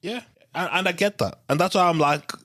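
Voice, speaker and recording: Relaxed, thoughtful man podcast co-host. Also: high-pitched, a little fast, no room sound, clean studio sound. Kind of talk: casual chat.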